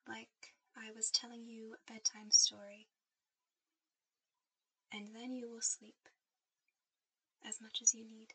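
Breathy whispering woman, whispered role-play. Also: a little high, poor audio. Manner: soft intimate whisper, guiding to sleep. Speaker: ASMR performer.

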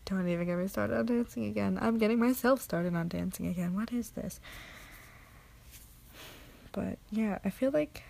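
A woman's voice: mid-range voice, moderate pace, vocal fry, pauses often, dark tone. A tired woman rambling late at night in a recorded audio answer, drifting into half-whispers, mocking herself and swearing casually. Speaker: amateur audio creator.

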